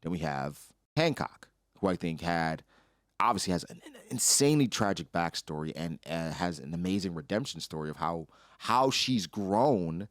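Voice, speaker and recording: A young man in casual commentary, his low voice rising and falling widely as he acts out character lines. The sound is dry and close, with no room around it. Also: lively intonation, normal speed, no echo. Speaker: anime reaction host.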